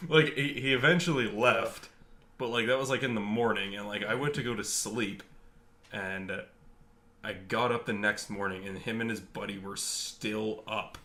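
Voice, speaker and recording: A man's voice: on the low side, steady tone, measured pace, sharp tone. A young man co-hosting a podcast, telling a rambling, laid-back, crude story in casual chat. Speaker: podcast co-host.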